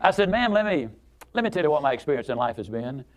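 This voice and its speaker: A man's voice: on the high side, sing-song, quick pace. A man giving a motivational speech, telling a story in a folksy, emphatic way and repeating words for effect. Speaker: motivational speaker.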